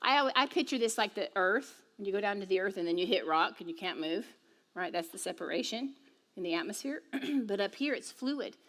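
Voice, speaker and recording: A middle-aged woman teaching a spiritual group in a conversational, animated way, often checking in with "okay?". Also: medium pitch, brisk.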